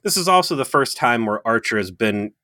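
A man's voice: mid-range voice, expressive, brisk, sharp tone, dry recording. A man co-hosting a podcast, chatting casually and analytically, with frequent ums and uhs. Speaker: podcast co-host. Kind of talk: casual review chat.

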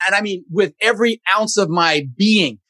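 As a guest on a podcast, a real estate investor speaks in a high-pitched, sharp-toned voice at a moderate pace, with no echo. His energetic interview talk is emphatic and motivational, blunt and slightly profane.

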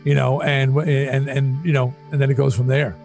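A middle-aged man telling stories in a casual interview, animated and profane, often repeating himself as he gets worked up. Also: mid-range voice, moderate pace, creaky, faint music behind. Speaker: interview guest.

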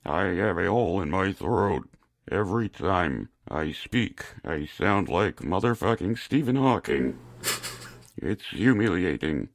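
A man putting on the croaky, strained voice of a man who speaks through a hole in his throat, delivering crude deadpan bits. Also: low voice, a little slow, heavily acted. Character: gravelly man talking through a throat stoma.

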